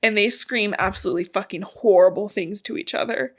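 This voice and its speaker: A woman's voice: medium pitch, a little fast, breathy edge. A young woman podcast co-host retelling a novel's plot in casual chat, swearing freely and acting out the characters' lines. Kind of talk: casual book recap chat.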